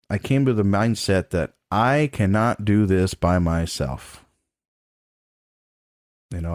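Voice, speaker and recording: Candid and casual, a middle-aged trombone professor shares a personal story as a podcast guest, laughing between points and swearing without restraint. His voice is low-pitched and a little mellow, captured cleanly in a studio with no echo.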